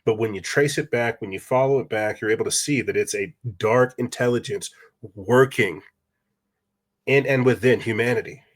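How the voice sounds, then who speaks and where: A man hosts a podcast, delivering a rambling, casual monologue full of restarts and rhetorical questions. His voice sits at medium pitch and moves at a moderate pace.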